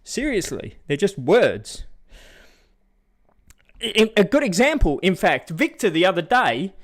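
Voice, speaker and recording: A man's voice: very animated, unhurried. A middle-aged Australian man talking on his vlog, ranting bluntly and casually about how people react to words. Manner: blunt, ranting, mocks others in high put-on voices. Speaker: vlogger. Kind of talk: casual opinion rant.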